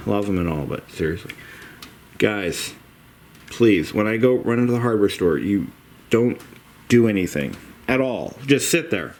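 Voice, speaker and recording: A DIY home renovation vlogger talks his way through a basement job in a casual, rambling how-to style, frank and a bit profane. His voice sits on the low side and is animated and slightly mellow, with a measured pace and frequent pauses. There's a faint hiss or hum on the recording.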